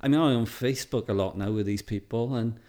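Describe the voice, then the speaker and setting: A middle-aged Welsh man talks at an easy, storytelling pace. He fills his sentences with ums and little laughs and sounds relaxed and conversational. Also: medium pitch, a little fast. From Wales. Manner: chatty, anecdotal, laughs often, many fillers. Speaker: photographer guest. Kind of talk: casual interview chat.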